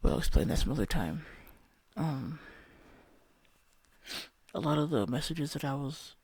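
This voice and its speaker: A man's voice: fairly high pitch, big pitch swings, measured pace, darkish tone, breathy edge, dry recording. A young man telling a candid, rambling personal story about a spiritual experience, swearing often. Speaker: vlogger.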